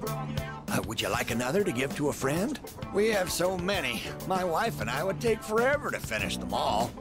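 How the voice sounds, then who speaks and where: A kindly, forgetful old shopkeeper from a video game. He rambles gently and teases the customer, his voice rising and falling a lot. Loud background music plays beneath him. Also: fairly high pitch, very animated, normal speed. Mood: warm, teasing. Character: forgetful, kindly elderly male bookstore owner.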